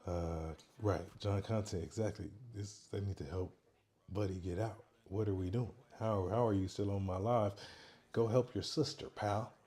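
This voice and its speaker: A man hosting a casual livestream, talking softly and quietly into a microphone worn on his neck. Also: fairly low pitch, fairly even intonation, moderate pace. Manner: soft, quiet, chill talk, reading chat aloud. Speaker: livestream host.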